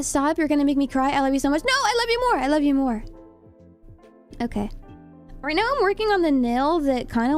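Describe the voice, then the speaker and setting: A young woman streamer chatting casually with viewers, reading chat aloud and giggling often while she does her nails. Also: sits high.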